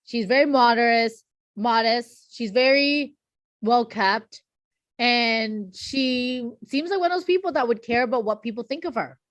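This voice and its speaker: A woman's voice: a little high, measured pace, no echo. A woman co-hosting a casual fan discussion podcast, speaking in an emphatic, playful way. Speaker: podcast co-host.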